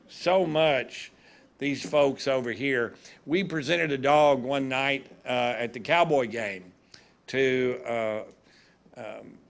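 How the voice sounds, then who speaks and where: A man's voice: medium pitch, gravelly. A man, a judge giving a folksy, humorous speech at a graduation ceremony.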